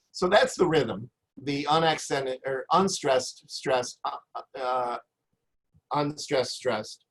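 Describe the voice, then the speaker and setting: A male teacher talks through a recorded lecture from his computer. He rambles, hesitates, and restarts often, filling gaps with ums and uhs. His voice sits at a middle pitch. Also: fairly bright tone, low-quality recording.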